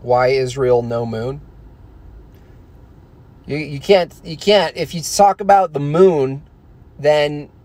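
A man's voice: mid-range voice, a little mellow. A man delivering a casual ranting monologue, profane and rambling, with emphatic asides. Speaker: vlogger.

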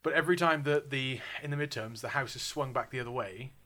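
A man's voice: medium pitch, fast, bright, forceful tone. A young man co-hosting a podcast, chatting casually and rambling, fond of doing impressions. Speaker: podcast co-host. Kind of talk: casual chat.

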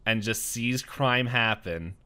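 A man with a bright, forceful voice chatting casually. He retells a story with animation, jumping into quick acted-out voices along the way. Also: mid-range voice, clean tone. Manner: animated storytelling, acts out scenes with shouted voices and laughs. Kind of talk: casual chat.

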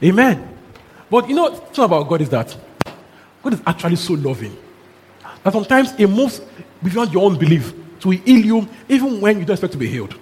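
A high-voiced male preacher speaks fairly quickly in a hall with long reverb and faint background noise. His sermon is full of lively storytelling: he's an animated storyteller who chuckles and mixes in local exclamations.

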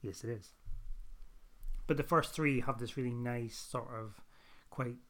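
A man's voice: mid-range voice, unhurried. A man, co-hosting a podcast and chatting casually about a comic he likes. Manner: relaxed, rambling comic review. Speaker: podcast co-host. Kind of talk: casual chat.

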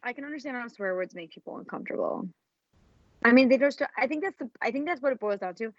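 A woman's voice: on the high side, expressive, quick pace, breathy edge, no echo, dull audio. A woman in her thirties co-hosting a podcast, chatting casually and frankly, swearing freely. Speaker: podcast co-host. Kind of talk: casual chat.

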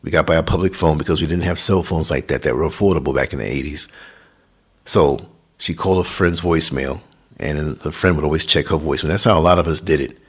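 A man hosting a podcast, talking through a reflective monologue that grows animated when he recalls moments. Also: very deep voice, fast, husky. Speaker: podcast host. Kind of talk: casual monologue.

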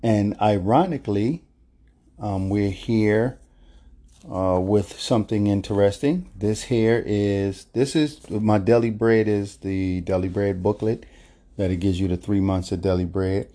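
A man's voice: lowish voice, fairly even intonation, a little slow, dark tone. A man hosting a casual solo podcast, rambling and hesitant with many fillers. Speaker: podcast host.

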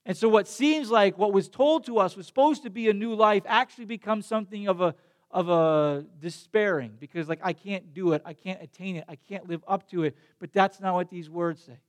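A man's voice: high voice, a little fast. A young adult man preaching a sermon as a pastor, telling a story in a conversational way that builds to emphatic passion.

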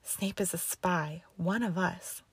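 A woman's voice: fairly low pitch, slow, slightly rough, dry recording, full character voice. A woman reading the lines of a young student witch, tense, upset and pleading, in a storybook reading. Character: distressed, defiant young female student witch.

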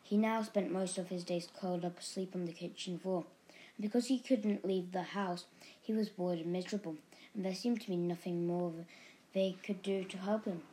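A woman's voice: on the low side, normal speed, slight background noise, low-quality recording. Woman reading a storybook aloud. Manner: lively, expressive reading. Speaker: narrator.

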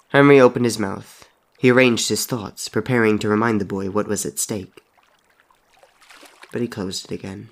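A man reading a story aloud in an even, measured way, often softly spoken. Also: on the low side, gravelly. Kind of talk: storybook narration.

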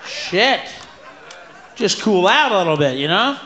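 A high-pitched male comedian rants through a stand-up set, swinging from muttered asides to full-throated screams. He curses freely and mimics other people in shrieking voices. The recording is roomy, with a live crowd and steady noise behind him. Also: a little fast. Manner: loud ranting, bursts into screaming shouts; profane, mocking voices of others. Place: large live venue with audience.

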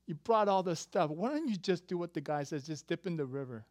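Pushy servant guy, a bit higher and louder, exasperated, as a preacher acts him out. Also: animated, fairly quick, close to an everyday voice. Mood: urging. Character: blunt male servant urging his master.

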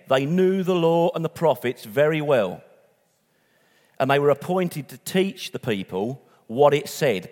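A man delivers a sermon in a loose, conversational way, stopping to correct himself and add asides. His voice sits a little high for a man. The sound rings with the long reverb of a hall. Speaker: preacher.

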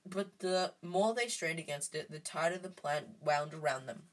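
A woman's voice: deep voice, normal speed, poor audio. A woman reading a storybook aloud in an unpolished way, stumbling and restarting often. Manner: unpolished, frequent restarts and ums.

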